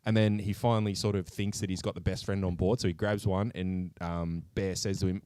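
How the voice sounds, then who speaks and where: A man co-hosting a podcast, retelling a film plot in an animated, sweary way. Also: fairly low pitch, normal speed, few pauses, no echo, studio quality. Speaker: podcast co-host. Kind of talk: casual chat.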